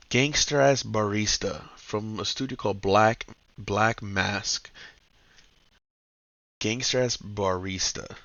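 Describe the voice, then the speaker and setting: A man's voice: fairly low pitch, creaky, sharp tone, no room sound, lo-fi sound. A man hosting a casual comic book review, talking loosely and swearing often. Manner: loose and profane, keeps saying "bro".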